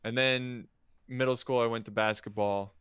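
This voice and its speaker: A man's voice: medium pitch, fairly even intonation, moderate pace, a bit bright, smooth, dry recording, clean studio sound. A man as a podcast guest, talking casually about sports and his YouTube channel, often trailing off. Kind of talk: casual chat.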